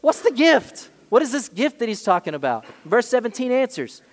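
Pastor, male, high-pitched, emphatic sermon delivery with big dynamic swings, reverberant hall sound. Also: very animated, moderate pace. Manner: emphatic preaching with sharp swings in loudness.

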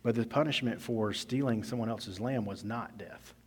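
A male pastor preaching a sermon in a conversational storytelling manner, swinging between loud emphasis and quiet asides, recorded in an echoey church hall. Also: fairly low pitch, normal speed, husky.

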